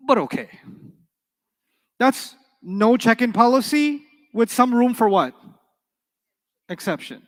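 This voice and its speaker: A man teaching an Arabic class to students, lively and storytelling, often asking the room questions and acting out voices. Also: high voice, normal speed, pauses often, no room sound. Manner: acts out quoted voices in his stories. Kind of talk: live classroom lecture.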